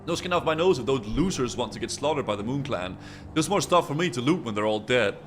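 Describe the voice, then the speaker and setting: A man's voice: mid-range voice, expressive, fast talker, faint music behind, lightly acted. A man voicing a rude, scornful pirate sailor in a fantasy game, talking in a blunt, dismissive way.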